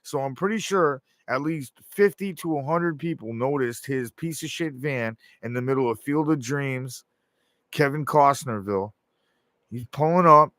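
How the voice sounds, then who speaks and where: A man's voice: mid-range voice, moderate pace, fairly bright tone. A man rambles through a profane monologue, acting out the voices he quotes. His voice sits in a middle range. The sound is close and dry, with no room echo. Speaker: show host.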